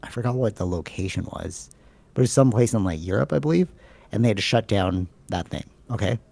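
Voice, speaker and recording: A man's voice: fairly low pitch, expressive, quick pace, creaky, mellow. A man co-hosting a podcast, chatting casually and rambling, leaning on "like" and "bro". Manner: rambling, filler-heavy, says "like" and "bro" a lot. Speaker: podcast co-host.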